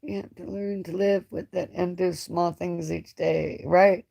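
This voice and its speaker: A woman with a low voice talks in an emotional, halting ramble, often restarting her sentences. She is hosting a live-stream chat with a guest. Her tone stays raw and unpolished throughout. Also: steady tone, vocal fry, mellow. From United States. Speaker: channel host.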